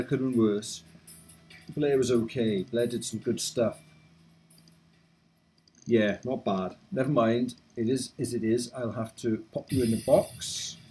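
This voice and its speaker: A man's voice: medium pitch, mellow, husky. A man casually commenting on a video game he is playing, chatty, reading game text aloud and adding wry asides. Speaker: let's play host.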